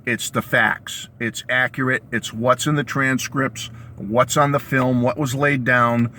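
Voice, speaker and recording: A man hosting his own video channel, with a hoarse, worn-out voice, ranting excitedly about a new release and calling his viewers "folks" again and again. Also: mid-range voice, measured pace, a little hiss or hum. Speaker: YouTube host reviewing music releases. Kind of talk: enthusiastic vlog rant. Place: home basement studio.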